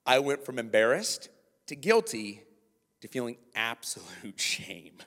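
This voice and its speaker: A man preaching a sermon, telling a long personal story with lively quoted voices and asides to listeners. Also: mid-range voice, a little slow. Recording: long hall reverb.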